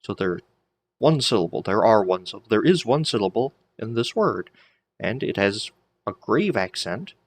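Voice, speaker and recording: A man's voice: lowish voice, very animated, normal speed. A man teaching a language lesson, patiently spelling out letters and sounding out words as he asks and answers his own questions. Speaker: Greek teacher. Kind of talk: slow spoken lesson.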